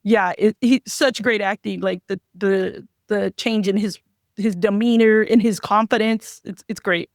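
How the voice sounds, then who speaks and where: A woman's voice: medium pitch, steady tone, unhurried, no echo, clean studio sound. A woman hosting a film podcast, chatting animatedly and acting out quotes, with a few restarts. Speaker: podcast host. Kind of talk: casual film review chat.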